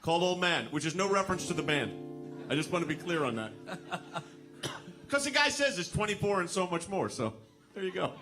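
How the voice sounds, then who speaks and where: A man hosting a fundraising concert as bandleader, talking casually on stage in a jovial, teasing way, quick to joke and laugh. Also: sits high, sing-song, over music.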